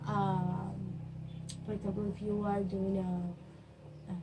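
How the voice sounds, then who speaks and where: Slow, hesitant young woman student. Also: medium pitch, flat delivery, creaky, background noise. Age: young adult. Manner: halting, searching for words, with frequent restarts. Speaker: student presenter. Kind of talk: spoken class review.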